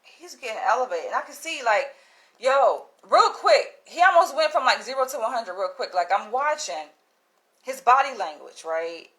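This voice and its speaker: A woman vlogging, telling a story in a casual, animated way, swearing freely, laughing and acting out what others said. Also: fairly high pitch, normal speed. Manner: animated, profane, laughs often, acts out quotes.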